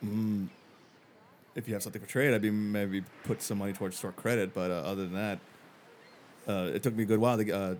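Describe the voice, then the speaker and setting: A man's voice: fairly low pitch, steady tone, a little mellow, a little hiss or hum, lightly acted. A man doing a cautious haggling shopkeeper. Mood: bargaining. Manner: hesitant, halting bargaining.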